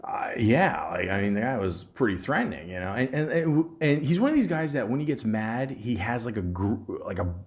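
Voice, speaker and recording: A man's voice: medium pitch, big pitch swings, a little fast, hardly any pauses. A man hosting a podcast, telling a story in a rambling, profane way, full of fillers. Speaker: podcast host.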